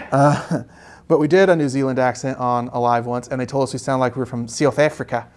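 A young man hosting a live painting lesson, relaxed and joking with chatty asides. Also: mid-range voice, a little fast. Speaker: art instructor hosting a live painting stream. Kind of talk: casual live tutorial chat.

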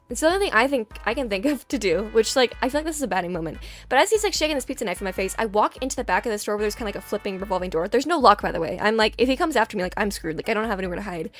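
A young woman telling a story in a casual, chatty way, full of "like" fillers and animated asides. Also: a little high, racing, hardly any pauses, faint music behind.

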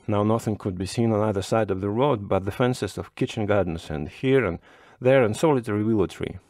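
Male storybook narrator, low, measured and unhurried, dry close sound. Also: darkish tone, no room sound.

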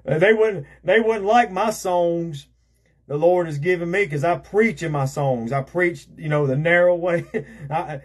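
A man's voice: a little high, measured pace. A man preaching a conversational sermon as an evangelist, repeating himself and filling with "you know".

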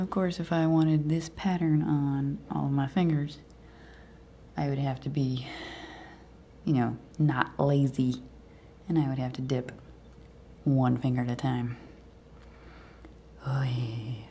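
A woman hosting a nail art video, chatting casually and half-whispering to herself as she works, easily excited. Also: a bass voice, slow pace, vocal fry, pauses often, a little hiss or hum. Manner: mutters and half-whispers to herself while working; excitable, eager. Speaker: nail art channel host. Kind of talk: casual tutorial commentary.

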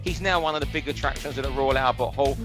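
A man's voice: mid-range voice, music in the background. A man with a London accent co-hosting a boxing podcast, reeling off fight records and ranting with strong opinions. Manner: opinionated, ranting, rapid fact-listing. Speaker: boxing pundit co-host. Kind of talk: casual podcast chat.

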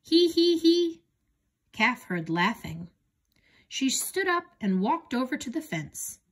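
A woman reading a children's picture book aloud in a gentle, expressive way. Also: on the high side, measured pace, husky. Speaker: storybook reader.

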